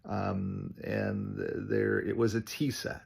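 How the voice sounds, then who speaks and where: A man's voice: deep voice, sing-song, slow pace, a little mellow. A man, a realtor, chatting through a casual vlog update, telling stories with lots of ums. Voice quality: gravelly, husky. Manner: chatty storytelling with many ums.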